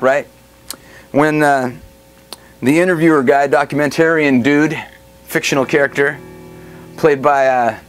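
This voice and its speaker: A middle-aged man hosting a guitar demo, chatting casually in a loose, joking way with rambling asides and laughter. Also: medium pitch. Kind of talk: casual chat demonstrating a guitar.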